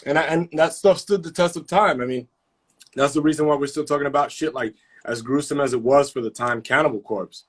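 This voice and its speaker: A man's voice: on the high side, a little fast. Profane, fired-up man telling stories. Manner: profane, animated storytelling with slang. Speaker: host of live chat. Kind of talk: casual live-stream chat.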